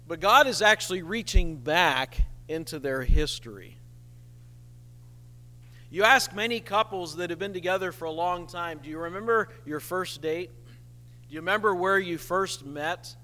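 A man preaching a sermon as pastor, slow and emphatic with dramatic pauses. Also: high voice, sharp tone, in a large hall.

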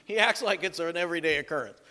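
A male pastor preaching a sermon, telling a scripture story in a folksy way with little jokes and asides. His voice sits high for a man. A long reverb of a church hall follows every phrase. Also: animated, quick pace, pushed and bright.

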